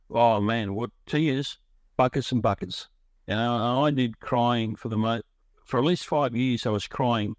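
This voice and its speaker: Middle-aged man, emotional and rambling storyteller, average pitch, dry close recording. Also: dry recording. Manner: rambling, emotional, frequent restarts. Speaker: guest sharing his recovery story. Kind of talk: personal storytelling.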